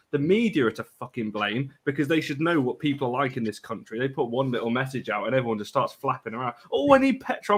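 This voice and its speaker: A man's voice: mid-range voice, fairly bright tone. A man ranting in a casual fan stream chat, swearing a lot. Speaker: fan panelist.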